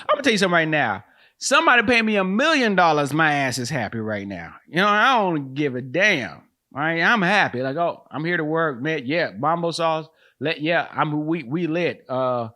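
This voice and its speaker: A man's voice: on the high side, bright, forceful tone. A man hosting a comedic solo commentary, loose and slangy, who keeps calling listeners man and bro and laughs at his own jokes. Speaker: host and comedian.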